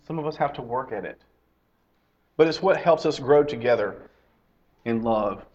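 A man's voice: medium pitch, lively intonation, normal speed, darkish tone. A middle-aged man giving a conversational sermon to his congregation. He repeats his key phrases and asks his listeners direct questions. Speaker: lay preacher and teacher. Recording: slightly dull lo-fi recording.

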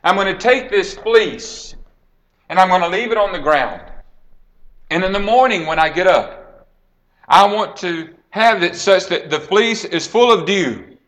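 Male preacher, bright higher voice, dramatic storyteller who swings from hush to loud. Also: expressive, a little slow. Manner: dramatic storytelling, acts out quoted lines, drops to a hush then rises. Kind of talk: sermon retelling a Bible story.

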